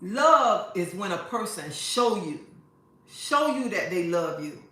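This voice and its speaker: A woman's voice: medium pitch, sing-song, takes it slowly, sharp tone. A woman giving frank, emphatic advice to her live-stream viewers, repeating lines for effect. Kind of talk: casual advice talk to viewers. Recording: very echoey room.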